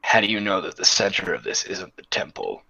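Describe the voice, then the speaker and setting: A man in a casual tabletop game over an online call, quick to joke and curse. His voice is very deep but moves a lot in pitch. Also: lively intonation, vocal fry, sharp tone, low-quality recording. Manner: brash, joking, swears freely. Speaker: player.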